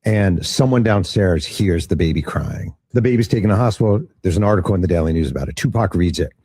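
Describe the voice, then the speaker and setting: Man, deep dark voice, husky, dry close sound, animated interview storytelling. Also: quick pace, no echo. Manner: animated storyteller acting out quotes. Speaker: author interviewed about his book.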